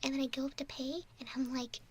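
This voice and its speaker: A woman whispers in a gentle role-play, chatty and prone to giggles. Her breathy voice sits high. A faint hiss runs under the sound. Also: flat delivery, fast. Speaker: ASMR streamer.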